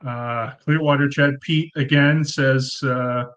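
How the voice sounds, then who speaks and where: A man's voice: mid-range voice, steady tone, slow pace, a bit bright, rough recording. Man, thirties, live stream host, casual rambling chat, plenty of filler words, budget desk mic, home room. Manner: chatty, rambling, many ums and uhs, thanks viewers by name. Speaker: livestream host. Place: room at home under fluorescent lights. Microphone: cheap desk mic.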